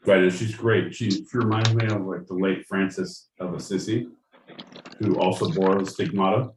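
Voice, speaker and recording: A man's voice: sits low, steady tone, normal speed. Man talking profanely from a roomy distance. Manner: rambling, profane, jokey. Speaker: podcast co-host. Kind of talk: casual comedic chat. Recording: roomy, distant mic with faint noise.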